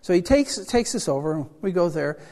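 An older man preaching a sermon as a pastor. He tells a personal story in a chatty, animated way, with self-deprecating humor. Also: sits high, a little fast. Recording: reverberant hall sound.

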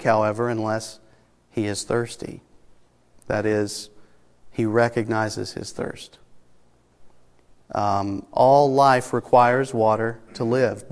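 A man preaching a sermon as pastor, measured and deliberate, with pauses and fillers, slowing down to stress key words. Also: mid-range voice. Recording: hall with long reverb.

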